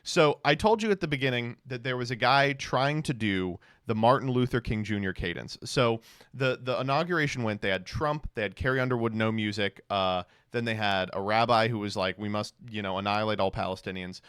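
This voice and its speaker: A man's voice: lowish voice, fairly quick, a bit bright, smooth, no echo, clean studio sound. A man streaming casual commentary, sarcastic and fond of mocking impressions.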